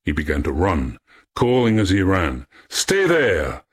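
A man reading an old myth aloud as storyteller, in a measured, poetic way. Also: low voice, big pitch swings, darkish tone, breathy edge.

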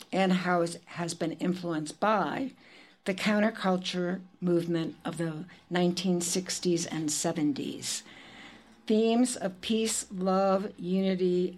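A woman's voice: lowish voice, darkish tone. A woman hosting a poetry event, speaking in a chatty way with fillers and asides between introductions. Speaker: event host.

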